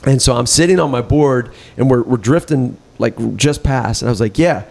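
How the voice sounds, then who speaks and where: A man hosts a relaxed conversation, his voice carrying a gravelly edge. He tells stories loosely, restarting and laughing as he goes. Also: mid-range voice, normal speed. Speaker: podcast host. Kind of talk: casual chat.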